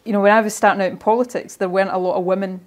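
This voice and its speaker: A woman's voice: mid-range voice, fairly even intonation, rapid-fire. Earnest, encouraging Scottish woman. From Ayrshire, Scotland. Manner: earnest and encouraging, often restarts phrases. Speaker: guest speaker. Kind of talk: motivational talk to young players.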